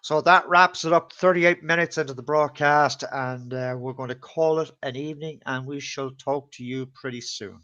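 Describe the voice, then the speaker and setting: Animated man telling stories. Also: medium pitch, normal speed, few pauses. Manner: animated, swears freely, laughs at his own stories. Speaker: live-stream host. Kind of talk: casual live-stream storytelling. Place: at home in front of a camera. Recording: slightly dull lo-fi sound.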